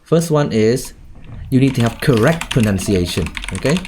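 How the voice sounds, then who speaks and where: A man's voice: mid-range voice, lively intonation, moderate pace, background noise. A male English teacher, teaching an online class over a video call and checking in with "okay?" and "right?" all the time. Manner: questioning, repeats "okay?" and "right?".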